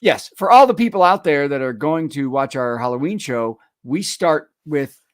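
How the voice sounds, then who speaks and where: A man's voice: fairly high pitch, very animated, a little fast, no echo, studio quality. A man co-hosting a late-night show, chatting casually and rambling while he fumbles for a video. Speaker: show co-host. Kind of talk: casual chat.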